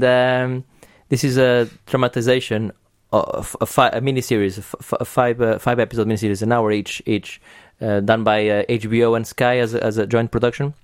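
A man's voice: mid-range voice, no echo, studio quality. A man hosting a podcast in casual chat, talking enthusiastically with many restarts and casual swearing. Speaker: podcast host.

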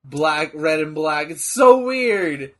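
A man in casual chat about old wrestling, blunt and swearing freely, with animated bursts. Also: a little high, slow.

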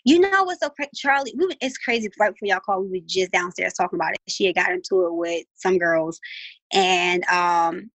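A woman's voice: on the low side, fairly quick, dry recording, rough recording. A woman in her thirties with a Baltimore accent, chatting casually as a guest and acting out the voices of people in her stories. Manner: animated storytelling, acts out voices. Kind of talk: casual chat.

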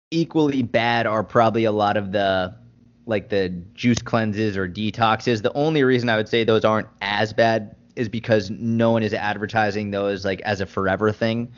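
A man giving a podcast interview as a fitness and nutrition coach, talking bluntly, passionately and with frequent swearing. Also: lowish voice. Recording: dull lo-fi sound.

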